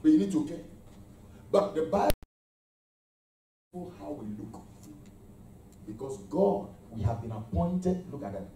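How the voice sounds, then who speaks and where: A male pastor delivers a sermon with a high, animated voice that swoops up and down. He keeps the congregation answering him, calling out praise between his points. His sound is mellow and comes from far off, washed in the long echo of a church hall. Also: unhurried, pauses often. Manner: call-and-response preaching, exclamations of praise. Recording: echoey hall, mic far off.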